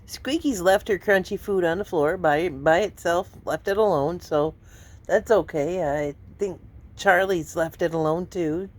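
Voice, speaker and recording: A woman's voice: lowish voice, a little slow. A woman vlogging casually, laughing often and slipping into baby talk with a kitten. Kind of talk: casual vlog chat.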